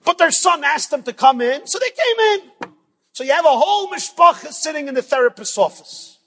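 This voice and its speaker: A man giving a sermon at a yeshiva event, telling stories in a dramatic, emphatic way that swings between loud and soft. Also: extremely high pitch, very animated, moderate pace. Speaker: rabbi speaker at a yeshiva event. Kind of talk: sermon with storytelling. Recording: long reverb from a large hall.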